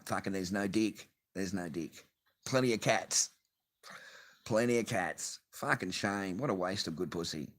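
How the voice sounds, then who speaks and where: A man's voice: low voice, a bit bright. An Australian man vlogging from his garage, telling a rambling, swear-filled story with bursts of laughter. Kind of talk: casual profane rant to camera. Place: home garage.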